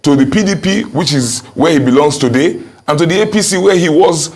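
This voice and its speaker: Gravelly, husky Nigerian man. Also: a little high, fairly quick, a little mellow. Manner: emphatic, rhetorical questions. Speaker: politician. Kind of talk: interview answer.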